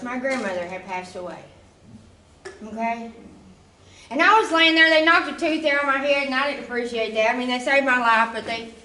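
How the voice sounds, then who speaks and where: A woman's voice: a little high, pushed and bright, roomy sound, distant mic, low-quality recording. A woman giving an emotional, conversational church testimony, often checking in with her listeners. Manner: emotional, conversational, often asks "you know?". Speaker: testimony speaker.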